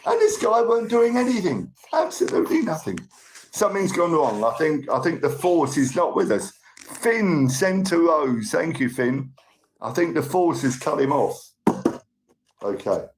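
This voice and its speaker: A man's voice: fairly high pitch, big pitch swings, a little slow. A middle-aged man, hosting a rambling live stream and greeting and thanking viewers. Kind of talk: casual live-stream chat. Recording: roomy room with faint noise.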